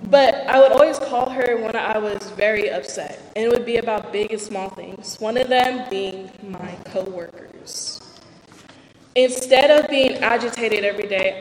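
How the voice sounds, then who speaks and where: A young woman reads out an earnest, candid personal testimony and pokes fun at herself along the way. Her voice sits a little high. It carries through a large hall with a long, echoing reverb. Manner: earnest, candid, self-deprecating. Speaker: speaker giving a personal testimony. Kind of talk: read-aloud personal talk on faith.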